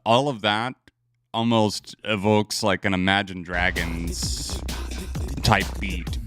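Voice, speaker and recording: A man casually chatting and reacting to songs on a live stream, relaxed and rambling, laughing often. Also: low-pitched, slow pace, music in the background.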